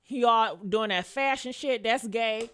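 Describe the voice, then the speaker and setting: A woman's voice: on the high side, unhurried, fairly bright tone, smooth. A woman hosting a casual gossip commentary show, blunt and sassy, calling her listeners honey and swearing freely as she reads comments. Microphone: camera mic with headphones on.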